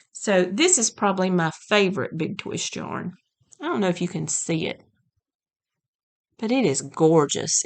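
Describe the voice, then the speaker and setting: A woman chatting casually to camera at home about her crafting, gushing and enthusiastic, a little out of breath, rambling with restarts. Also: medium pitch. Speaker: crafting vlogger. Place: home, by a yarn closet.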